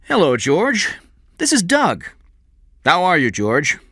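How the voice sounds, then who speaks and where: A man's voice: fairly high pitch, wildly swooping pitch, slow, a bit bright, breathy edge, no echo, clean studio sound, pitched above the performer's own voice, heavily acted. A man reading aloud and voicing a ruthless middle-aged businessman with a hard, clipped manner. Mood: cool. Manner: hard, clipped, erupts into screaming.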